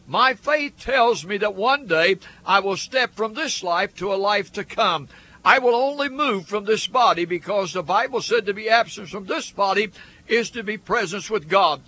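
A male radio preacher delivers a sermon with an earnest, rhythmic cadence, stacking phrase on phrase. His voice sits high for a man and rings bright and forward.

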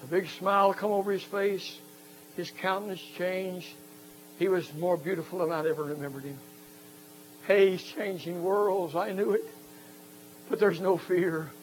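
A man preaching a fervent revival sermon, rising into shouted peaks. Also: sits high, fairly even intonation, measured pace, pauses often, rough recording. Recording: faint mains hum.

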